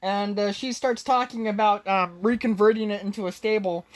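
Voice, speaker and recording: A woman's voice: mid-range voice, steady tone, normal speed. Rambling woman recapping a movie. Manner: rambling, full of fillers and restarts. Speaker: podcast co-host. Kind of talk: casual movie recap chat.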